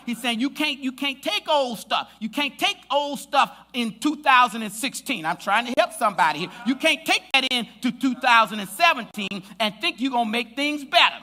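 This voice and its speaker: In a church sanctuary, a pastor with a high, strikingly bright voice delivers a lively sermon, a little fast and with few pauses. Ranging widely in melody, he teases the congregation and builds to loud shouts.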